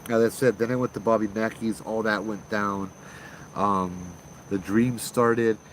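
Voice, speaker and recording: A man's voice: on the low side, steady tone, a little slow, slight background noise, low-quality recording. A man, hosting a channel of ghost stories, tells a personal encounter in a chatty, casual way, acting out the dialogue. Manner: chatty, acts out dialogue with fillers and restarts. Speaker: ghost story host. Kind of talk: casual spoken storytelling.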